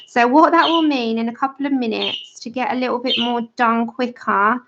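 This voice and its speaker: A woman's voice: a little high, fairly even intonation, moderate pace, noisy background. A woman hosting a livestream, chatting casually while she colors and answers viewers in the chat. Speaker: livestream host. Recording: slightly dull lo-fi sound.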